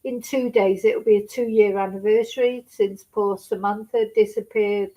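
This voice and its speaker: A woman's voice: mid-range voice, fairly even intonation, moderate pace, dark tone, low-quality recording. A middle-aged woman chatting on a live stream, tearful and upset, swearing and laughing nervously between sentences. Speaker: true crime streamer. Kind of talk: casual live-stream chat.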